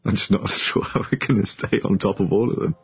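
A man's voice: fairly low pitch, brisk, creaky, muffled recording. A man lawyer speaking in an informal, chatty way during an interview. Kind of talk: interview, casual explanation.

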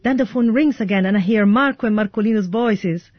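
Husky woman voicing a translation. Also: mid-range voice, a little fast, dry recording, lo-fi sound. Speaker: interpreter voice-over. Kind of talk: translated voice-over.

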